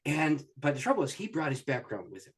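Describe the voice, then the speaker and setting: A pastor tells a story in an animated way, his pitch swinging widely as he acts out the people in it. His voice is slightly husky, and he laughs easily between lines. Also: fast. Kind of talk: storytelling in an interview.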